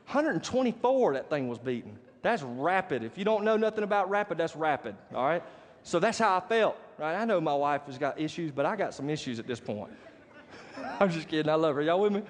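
In a church sanctuary, a male pastor with a high, animated voice delivers a sermon at normal speed, sharing a personal story and frequently checking in with the congregation. Long church hall reverb fills the recording.

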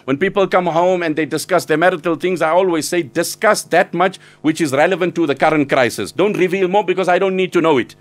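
A man giving an earnest, urgent Islamic lecture, exhorting listeners and breaking into quick Arabic recitation. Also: on the high side. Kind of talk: sermon.

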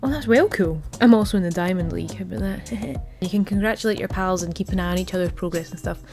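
A woman's voice: lowish voice, fast talker, darkish tone. Chatty Scottish woman vlogging. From Scotland. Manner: chatty, playful, laughs at herself. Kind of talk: casual vlog to camera. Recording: faint background music.

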